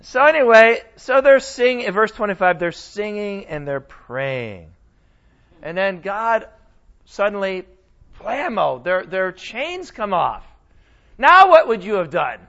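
A man teaching a Bible lesson in a casual, animated sermon style, often asking his listeners questions. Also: high voice, slow pace, lo-fi sound. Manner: animated, conversational, asks the audience questions.

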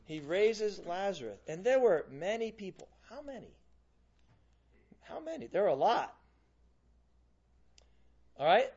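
A man's voice: high voice, very animated, a little slow, pauses often, darkish tone, slightly rough. A man teaching a Bible class, reading scripture aloud and acting out the quotes in a casual, joking way. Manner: conversational, acts out quotes with humor. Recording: dull lo-fi classroom recording.

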